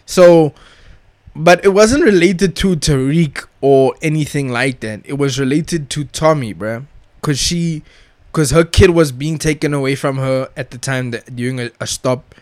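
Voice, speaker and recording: A man's voice: on the high side, a little slow, no echo. A young man in a casual, slang-heavy rant as a vlogger, swearing and emphatic, with loose repeated filler words. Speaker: vlogger reviewing a TV show.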